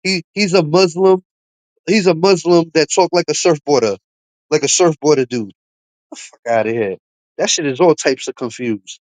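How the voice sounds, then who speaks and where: A man ranting on his livestream, his voice sitting a little high. He trash-talks and mocks people in a profane, heated way. The sound is dry and close, with no room echo. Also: moderate pace, darkish tone. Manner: trash-talking, profane, mocking. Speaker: livestream host.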